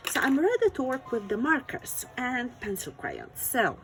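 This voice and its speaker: Woman art teacher, gravelly, lively pitch, faint music behind. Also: normal speed, rough recording. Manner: encouraging, thinking aloud while drawing. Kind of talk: step-by-step drawing lesson.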